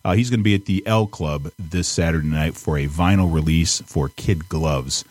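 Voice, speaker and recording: A man's voice: very deep voice, normal speed, a little mellow. An older man hosting a radio show, telling rambling, laughing stories in casual chat with a co-host, swearing freely. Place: radio studio. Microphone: studio mic.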